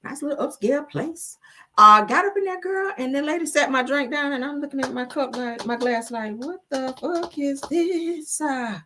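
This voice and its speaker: A middle-aged woman hosting a casual chat show, telling stories in an animated, profane way. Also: sits high, fairly quick, noisy background. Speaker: host.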